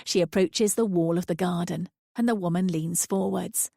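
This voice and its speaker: Gravelly woman reading a thriller. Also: fairly low pitch, steady tone, moderate pace, hardly any pauses, dark tone, no echo, studio quality. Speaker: audiobook narrator. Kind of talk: scripted thriller narration.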